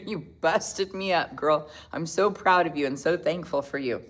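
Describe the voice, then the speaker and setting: Low-voiced woman hosting a chatty makeup livestream. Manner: chatty, reads viewer comments aloud, quick to laugh. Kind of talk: casual makeup tutorial livestream.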